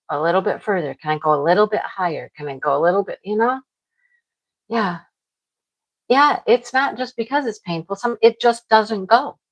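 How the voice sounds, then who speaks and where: Middle-aged woman livestream host, frank and exasperated, chatty with viewers. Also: mid-range voice. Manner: frank, exasperated venting with laughs. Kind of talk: casual chat with live viewers.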